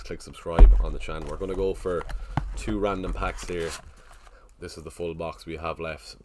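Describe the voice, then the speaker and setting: A man casually chatting on a live stream, thinking aloud and greeting viewers in the chat. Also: low voice. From Ireland.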